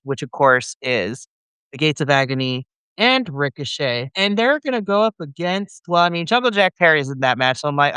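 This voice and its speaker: Animated man with a bright, raised voice. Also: fairly high pitch, normal speed, smooth, no echo. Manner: animated and playful, acts out his reactions. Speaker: podcast co-host. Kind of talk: casual podcast chat.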